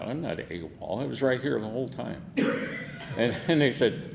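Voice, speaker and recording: A man's voice: medium pitch, expressive, moderate pace, gravelly, long reverb tail, slight background noise. An older man, a veteran, telling war stories in an oral history interview, salty and laughing, acting out the quotes. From United States.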